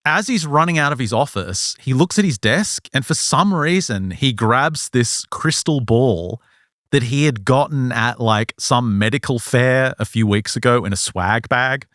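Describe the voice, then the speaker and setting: A male podcast host telling a story in casual chat, animated and acting out the people he quotes. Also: medium pitch, unhurried, no echo, clean studio sound.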